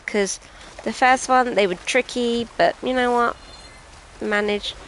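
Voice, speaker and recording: Poor audio with a little hiss or hum carries a British woman's gameplay commentary as she chats, rambles and jokes at her own expense. Her voice is on the high side, a bit bright, fairly even in intonation and a little slow.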